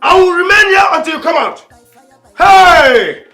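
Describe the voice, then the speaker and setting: A bullying Nigerian brute. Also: male voice, very high-pitched, lively intonation, measured pace, faint music behind, exaggerated voice. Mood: menacing. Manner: menacing, shouts threats. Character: lustful bullying man claiming his late brother's widow.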